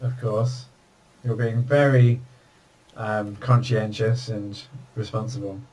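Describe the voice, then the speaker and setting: A man's voice: fairly low pitch, steady tone, slow pace, a little mellow. A man hosting a casual video call chat, telling jokey stories. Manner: chatty storyteller, jokey. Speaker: host. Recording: distant video call audio.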